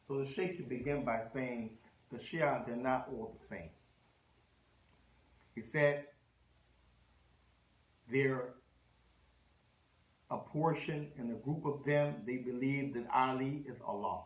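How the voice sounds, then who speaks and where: A man's voice: mid-range voice, slow, long pauses, echoey room, low-quality recording. A man giving a conversational religious lecture, mixing in Arabic phrases and restarting his sentences. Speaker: Islamic lecturer.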